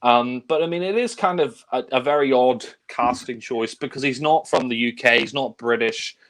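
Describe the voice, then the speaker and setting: A man talks in an easygoing, rambling way, full of enthusiasm for the films he discusses. His voice sits in an ordinary middle pitch. He sounds like one co-host in a casual chat among friends. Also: moderate pace, fairly bright tone.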